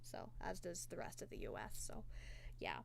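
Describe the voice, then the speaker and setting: A woman's voice: on the low side, wildly swooping pitch, moderate pace, creaky, slight background noise. A sick, congested woman chatting casually on a livestream, giggly and joking crudely. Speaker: streamer hosting a movie watchalong.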